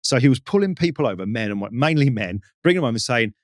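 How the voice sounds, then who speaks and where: Brief: male guest, expressive story-teller, pitch swings widely, dry mic. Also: very fast, few pauses, no room sound. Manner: lively, acts out the people in his stories. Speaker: podcast guest. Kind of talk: animated anecdote telling.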